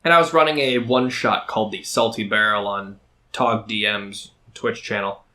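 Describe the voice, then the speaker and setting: A man's voice: fairly low pitch, fairly even intonation, moderate pace, bright, forceful tone. A man co-hosting a podcast in casual chat, rambling with lots of fillers as he tells game stories. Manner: chatty, rambling with many fillers. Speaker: podcast co-host and dungeon master.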